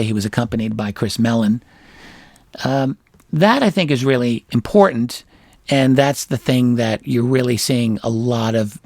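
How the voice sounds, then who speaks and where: A middle-aged man hosting his own show, giving a solo analysis in a measured, deliberate way with fillers and restarts. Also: mid-range voice, darkish tone, no room sound. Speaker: show host.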